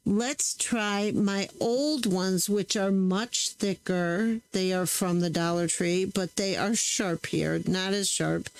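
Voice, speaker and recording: Testing stamps on her crafting channel, a woman with a mid-range voice chats casually to viewers and often corrects herself as she works. The recording is low quality.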